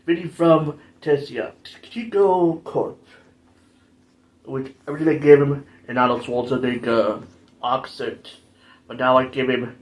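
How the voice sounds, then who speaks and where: A man's voice: medium pitch, steady tone, normal speed. Rambling man doing casual game commentary. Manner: rambling, jokey, self-deprecating. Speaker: gaming channel host.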